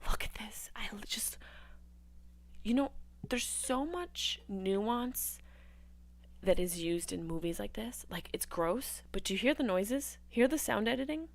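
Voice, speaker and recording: A woman hosting a live movie watch-along, riffing with crude jokes and swinging between loud outbursts and hushed asides. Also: mid-range voice, lively intonation, unhurried. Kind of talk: casual riffing commentary over a film.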